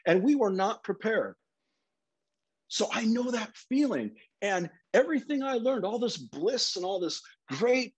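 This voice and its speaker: Husky, high, lively-voiced preacher man. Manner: conversational storytelling. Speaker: minister. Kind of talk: sermon.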